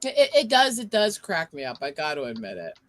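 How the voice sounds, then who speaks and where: A man's voice: fairly high pitch, huge pitch swings, brisk, a bit bright, dry recording. A man hosting a stream in casual chat, talking freely with swearing and laughs. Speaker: streamer host.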